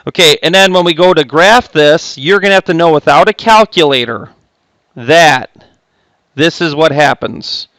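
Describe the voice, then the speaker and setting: A man with a somewhat high voice walks a class through a math lesson. He talks in a chatty way, cuts himself off, and tosses in jokey asides. The sound is dry and close, with no room echo. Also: moderate pace, fairly bright tone. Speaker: math teacher. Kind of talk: recorded classroom lecture.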